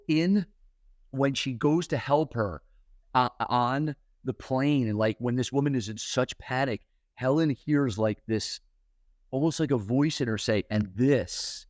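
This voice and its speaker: A man's voice: medium pitch, a little mellow, no echo, studio quality. A middle-aged man hosting a spiritual talk, telling a story in a loose, chatty way with lots of fillers. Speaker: host and spiritual teacher.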